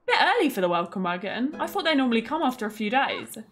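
A woman's voice: a little high, very animated, fast talker. A woman giving casual, playful gameplay commentary as a streamer, chatty and mock-indignant as she greets her chat. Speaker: gaming streamer.

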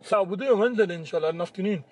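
High-voiced young man teasing his mate. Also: racing, a little mellow, a little hiss or hum. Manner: swearing, teasing, banter. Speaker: vlogger. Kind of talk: casual chat. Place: in a parked car. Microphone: phone.

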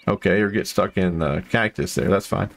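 A man with a low voice talks his way through a hunting video game. He rambles with plenty of fillers, then breaks into excited outbursts at each find. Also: normal speed, vocal fry. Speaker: gameplay commentator. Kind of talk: casual gameplay commentary.

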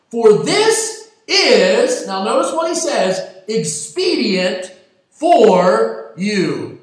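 A man, a pastor, preaching a sermon and slowing down to stress key scripture phrases. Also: very high-pitched, a bit bright. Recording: very echoey, distant mic.

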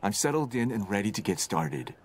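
A deep, measured lead geneticist. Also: male voice, very animated, a little hiss or hum. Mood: composed. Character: calm male lead geneticist, businesslike. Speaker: game character. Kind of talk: scripted video game dialogue.

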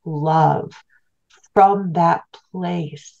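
Middle-aged woman, low voice, heartfelt reflective storytelling, interview guest, slightly dull lo-fi audio. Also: steady tone, very slow, dark tone. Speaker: guest, spiritual teacher. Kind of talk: personal storytelling in a podcast interview.

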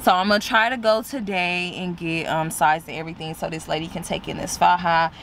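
A woman's voice: fairly low pitch, a little fast, slight background noise. Chatty woman vlogging from her car, sore. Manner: chatty, animated, calls viewers "y'all" and "girl". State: sore and recovering after surgery. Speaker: beauty vlogger. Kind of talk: casual vlog chat to camera. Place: inside a parked car.

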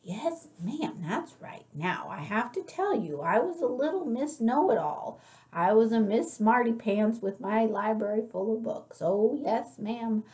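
A woman reading as a gentle old librarian. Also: a little high, animated. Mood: storytelling. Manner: slow, drawn-out storytelling with dramatic swells. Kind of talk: read-aloud storybook voice.

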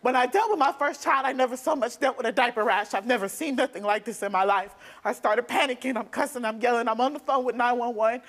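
A young woman, a guest on a talk show, recounting events in a rapid, emotional way. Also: on the high side, a bit bright. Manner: rapid, emotional storytelling with restarts. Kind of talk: telling her story on a talk show. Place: TV studio stage.

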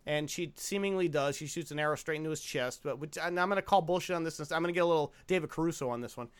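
A man's voice: a little high, rapid-fire, smooth. A man hosting a casual comedy podcast, reviewing a movie with jokey, teasing asides and frequent laughter. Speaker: podcast host. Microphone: podcast microphone.

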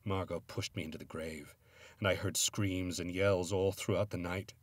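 A man giving a grave, theatrical first-person reading of a dark story. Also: low voice, fairly even intonation, normal speed, no echo, clean studio sound. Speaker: narrator.

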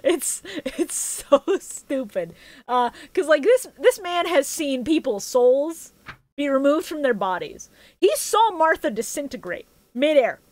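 Woman podcast host, kinda high voice, dry close mic, snarky and swears a lot. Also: sing-song, a little slow, a little mellow, dry recording. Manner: sarcastic, joking, swears casually. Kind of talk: casual recap chat.

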